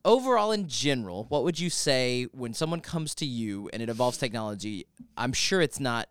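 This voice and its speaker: Male podcast host, smooth resonant voice, playful and self-deprecating, dry studio sound. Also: mid-range voice, sing-song, moderate pace, fairly bright tone, dry recording. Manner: joking, self-deprecating, asks questions. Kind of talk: podcast conversation.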